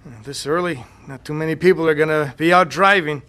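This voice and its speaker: An actor in a radio drama playing a chatty, friendly duck-hunting buddy. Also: male voice, on the high side, a little fast, bright, forceful tone. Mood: easygoing.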